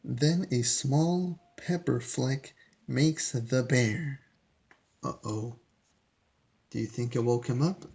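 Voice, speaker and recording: A man's voice: medium pitch, slow pace, vocal fry, long pauses, a little mellow. A man reading a picture book aloud to children, chatty and asking listeners questions between pages. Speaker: storyteller. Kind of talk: children's read-aloud storytime.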